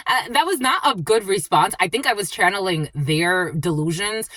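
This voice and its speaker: A woman spiritual reader telling a story in a blunt, profane, animated way, calling her listeners her lovies. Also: medium pitch, normal speed, no room sound. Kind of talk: casual storytelling monologue.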